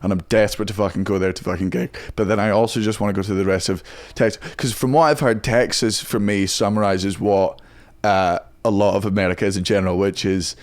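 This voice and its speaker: A young Scottish man, a guest comedian, chatting casually on a podcast in a rapid, profane, self-mocking way. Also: fairly low pitch, steady tone. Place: podcast studio.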